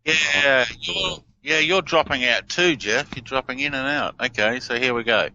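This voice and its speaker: Excitable man, bright voice. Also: medium pitch, moderate pace. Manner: excitable, animated, explains eagerly. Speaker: guest analyst. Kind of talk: casual radio interview. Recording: dull lo-fi audio.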